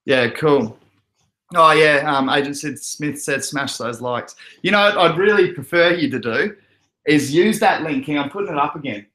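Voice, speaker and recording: A man's voice: a little high, lively intonation, moderate pace, bright, forceful tone. A young Australian man with an Australian accent hosting a casual live stream, chatty and laughing often as he reads out viewer comments. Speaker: crypto livestream host. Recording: echoey room.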